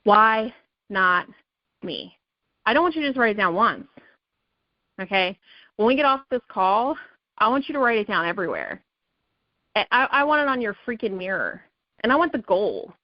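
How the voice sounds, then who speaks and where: A woman's voice: on the high side, very animated, fairly quick, pauses often, no echo. Woman hyping up her sales team, punchy and repetitive, dry dull call audio. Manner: emphatic, repetitive, pep-talk, says okay and right a lot.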